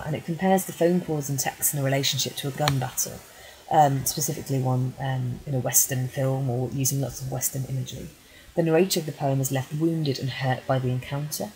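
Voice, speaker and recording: A woman with a low voice talks through a poem as a teacher would, reading it first and then explaining it. She is measured and patient, with many small ums between points. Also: a little mellow, rough recording. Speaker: English teacher. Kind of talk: poetry analysis lesson.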